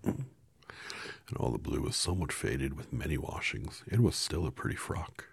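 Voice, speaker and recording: Man reading a children's story aloud, very low, husky, gravelly, calm and unhurried. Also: no room sound, in a whisper. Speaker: storybook reader.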